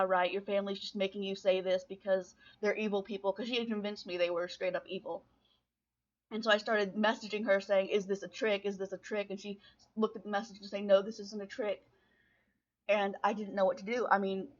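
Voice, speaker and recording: A young woman talks straight to her camera, telling a painful story in a halting way with many restarts. Her pitch sits in an ordinary middle range. The sound is dull and lo-fi, like a basic webcam mic. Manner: halting, full of restarts and fillers. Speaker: vlogger.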